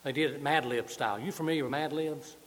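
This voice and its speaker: A man's voice: on the high side, quick pace, fairly bright tone. A man preaching a sermon, joking and folksy, moving around as he talks. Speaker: pastor. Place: church sanctuary with balcony. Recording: long church reverb.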